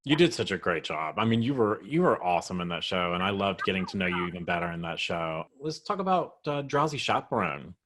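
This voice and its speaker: A man hosting a relaxed interview over a video call, his voice sitting fairly low. He chats in a friendly, encouraging way, praising his guest and drawing her out with easy questions. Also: fairly quick, few pauses, background noise. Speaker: host. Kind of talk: casual interview chat.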